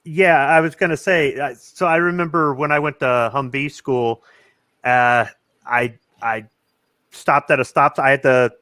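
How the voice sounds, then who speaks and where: A man from North Carolina in a casual chat, telling anecdotes in a relaxed, easygoing way. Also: mid-range voice, a little slow, no room sound, studio quality. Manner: relaxed anecdote-telling with repeated "you know".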